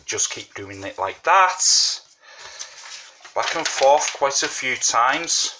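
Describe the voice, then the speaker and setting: A man walks viewers through origami folds in an unhurried, rambling way, full of fillers and asides. He talks around a mint in his mouth. Faint background hiss and small clicks sit under the voice. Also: mid-range voice, expressive. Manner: chatty, repeats "you know what I mean", many fillers. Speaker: origami tutorial host. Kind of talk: casual step-by-step craft tutorial.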